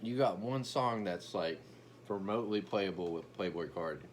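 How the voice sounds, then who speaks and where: A young man with a deep voice rants through brash, profane, boastful comedic commentary, stumbling over restarts as he goes. He talks at a normal speed, with slight background noise.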